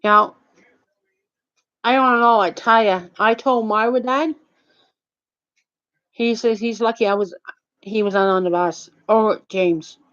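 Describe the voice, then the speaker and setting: An older woman rambles through a casual monologue in a mid-range voice, halting and swearing freely. The recording sounds dull and lo-fi, as if made at home. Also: medium pitch, steady tone, fairly bright tone.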